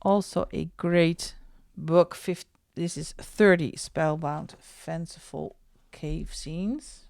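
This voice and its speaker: Slow, gravelly-voiced woman coloring host. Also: lowish voice, no room sound, studio quality. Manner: chatty, slow and unhurried, drops into soft asides. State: out of breath. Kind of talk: casual show-and-tell vlog.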